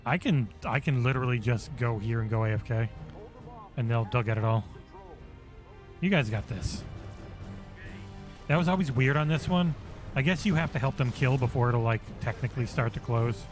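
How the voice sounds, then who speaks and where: A man streaming a game for charity on a headset mic, chatting excitedly with viewers and swearing freely. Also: mid-range voice, moderate pace, long pauses. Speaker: charity livestream gamer. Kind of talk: casual game-stream commentary. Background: game music.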